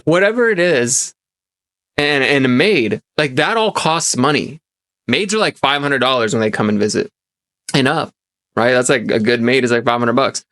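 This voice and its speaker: A man's voice: a little high, a bit bright, dry recording. A young man telling a personal story and giving advice, earnest and rambling, with many restarts and fillers. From immigrant childhood, grew up in America. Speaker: self-help podcast host.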